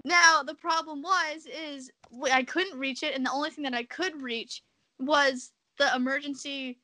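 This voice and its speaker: A young woman, a podcast guest, telling a story in casual chat, animated and laughing often, acting out the quotes. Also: sits high, moderate pace, no echo.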